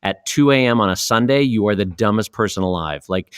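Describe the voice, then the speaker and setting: A man's voice: fairly low pitch, fairly quick, clean tone, dry recording. Man, podcast co-host, casual chat, jokey, self-deprecating, laughs easily, dry close mic.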